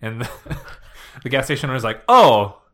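Young guy on a podcast, bright punchy voice, recapping tv bits and doing the lines. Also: mid-range voice, level tone, moderate pace. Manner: retells scenes, mimicking lines with laughs. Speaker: podcast co-host. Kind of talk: casual chat.

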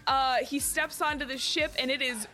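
A woman's voice: high-pitched, steady tone, moderate pace. A woman player narrating a tabletop game scene in a descriptive storytelling way. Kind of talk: tabletop role-play narration.

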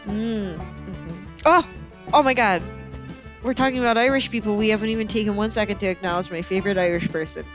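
A woman's voice: brisk, faint music behind. Giggly young woman podcast co-host. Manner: giggly and animated, with big jumps in pitch. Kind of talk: casual movie chat.

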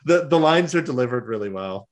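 A man co-hosting a casual podcast chat, animated and joking, quick to act out bits of dialogue. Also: mid-range voice. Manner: animated, joking, quick to slip into character voices. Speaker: podcast co-host.

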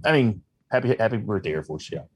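A man's voice: fairly low pitch, expressive, fast, breathy edge, no echo. A man joining a podcast as a guest, joking wryly in casual banter.

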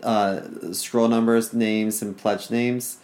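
A man's voice: on the low side, level tone, slow pace, darkish tone. Hesitant young man recalling events. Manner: hesitant, full of fillers. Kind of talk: casual chat.

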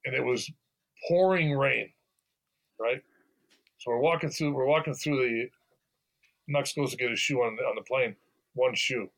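An older man as a podcast guest, telling stories in a halting way, repeating words and laughing as he goes. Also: medium pitch, fairly bright tone, poor audio. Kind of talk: casual interview chat.

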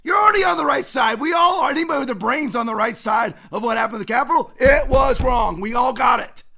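Middle-aged male host, indignant ranting commentary, very high gravelly voice, bright and sharp. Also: fast talker. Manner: indignant, ranting, shouts often. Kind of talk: fired-up political commentary.

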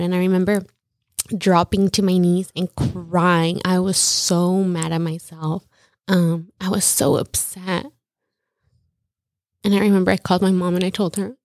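Speaking as an interview guest, this young woman recounts her story casually, chatting along with plenty of "like" and acted-out quotes. Her mid-range voice has a steady, darkish tone at a moderate pace, recorded cleanly in a studio with no echo.

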